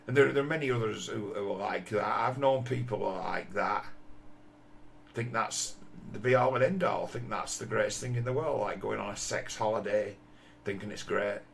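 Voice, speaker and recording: A man's voice: lowish voice, moderate pace, creaky, a little hiss or hum. A man, talking bluntly in a rambling, profane monologue full of restarts. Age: 50s. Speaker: commentator.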